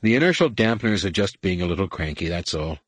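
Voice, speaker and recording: A cocky, laconic starship captain , as a man reads him in an audiobook, with a low, slightly husky voice. He drawls dryly, sounding almost bored. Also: very animated, fast, dry recording, heavily acted. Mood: wry. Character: dry, cocky veteran male starship captain. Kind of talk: audiobook character voice.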